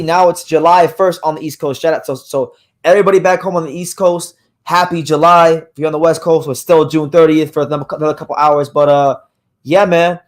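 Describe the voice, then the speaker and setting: Hoarse today, a man with a slightly high voice goes over fight news while hosting a live boxing stream for his podcast. He speaks casually and loosely, looping back on what he says and frequently restarting between fillers.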